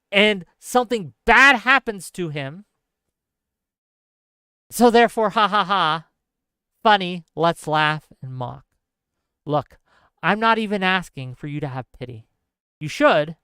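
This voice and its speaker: Guy streamer ranting earnestly at his viewers, smooth clean voice, dry, repeats himself a lot. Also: high-pitched, pushed and bright, no room sound. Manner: earnest, lecturing, speaks straight to the audience; fast bursts with heavy repetition. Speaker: political streamer. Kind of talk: impassioned political commentary monologue.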